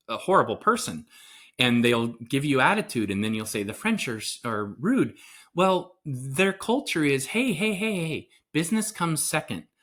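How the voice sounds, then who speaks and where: A man's voice: medium pitch, sharp tone. A middle-aged man talking as a guest on a podcast, earnest and explanatory. He keeps slipping into little acted-out quoted lines to make his points about parenting. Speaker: parenting coach and psychotherapist guest. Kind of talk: conversational podcast interview.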